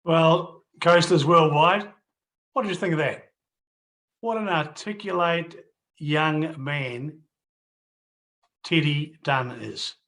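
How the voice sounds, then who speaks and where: A man's voice: a little high, takes it slowly, pauses often, fairly bright tone. A middle-aged man hosting a casual interview, rambling, restarting and repeating his phrases. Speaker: host. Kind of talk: casual video interview and wrap-up to viewers.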